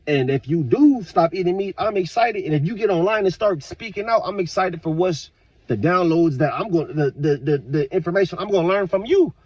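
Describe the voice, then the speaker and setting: A man talking straight to his viewers in a casual, profane, rambling rant, with sudden loud outbursts. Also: sits high, animated, a little fast, no echo, dull audio. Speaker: vlogger. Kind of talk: casual monologue to camera.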